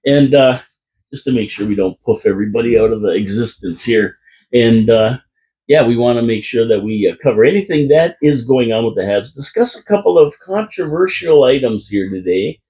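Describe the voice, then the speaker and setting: A man's voice: medium pitch, animated, normal speed, warm tone. A man hosting a casual fan talk show, rambling and joking with his co-host at a desk mic in a small room. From Canada. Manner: goofy, rambling, jokey. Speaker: podcast host.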